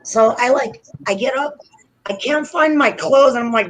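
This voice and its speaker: A woman's voice: sits high, moderate pace, slight background noise, low-quality recording. A woman hosting a podcast, telling a story in casual chat, profane and laughing often. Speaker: podcast host.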